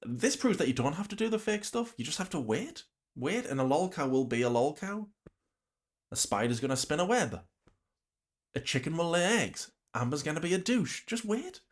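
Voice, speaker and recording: A man's voice: on the high side, very animated, normal speed. A man reacting to a livestream, talking bluntly with an exasperated, ranting manner. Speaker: reaction commentator.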